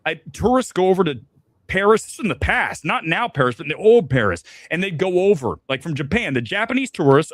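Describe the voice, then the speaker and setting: A man gives an exasperated, emphatic film review. His slightly high voice swings widely in pitch, and it is recorded close with a very dry sound. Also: a bit bright, dry recording.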